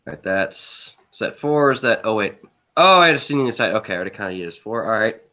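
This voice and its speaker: A man's voice: lowish voice, lively intonation, fast talker, pushed and bright. A man hosting a casual group chat, running a vote with joking, playful asides. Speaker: host. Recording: dull lo-fi audio.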